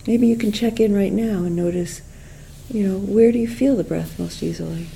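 A middle-aged woman giving a gentle, unhurried mindfulness talk, with many fillers and restarts. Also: mid-range voice, vocal fry, slight background noise, low-quality recording. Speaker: meditation teacher.

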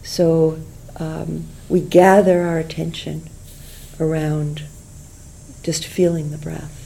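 A middle-aged woman giving a gentle, unhurried mindfulness talk, with many fillers and restarts. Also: deep voice, flat delivery, gravelly, slight background noise, low-quality recording. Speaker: meditation teacher.

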